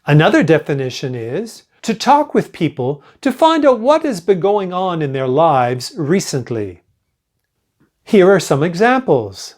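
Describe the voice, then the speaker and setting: Slowly and with crisp articulation, an older man voices English example sentences meant for students to repeat during a pronunciation lesson. His pitch remains lively as he teaches.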